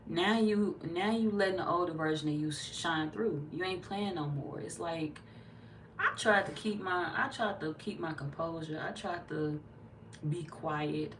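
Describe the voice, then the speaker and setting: Profane, animated woman tarot reader. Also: on the low side, distant mic, slight background noise. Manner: blunt, profane, animated, slips into quoted voices. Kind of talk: casual tarot reading monologue.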